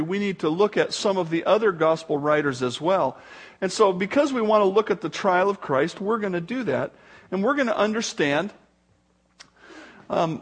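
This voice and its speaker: High-voiced male pastor preaching. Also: slightly rough. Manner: reads scripture dramatically, rising for quoted shouts. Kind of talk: sermon with scripture reading.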